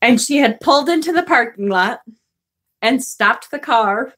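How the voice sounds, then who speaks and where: A woman's voice: fairly high pitch, lively intonation, unhurried, a bit bright, breathy edge. A woman vlogger telling a story in a casual rant to her viewers, exasperated and profane, laughing as she goes.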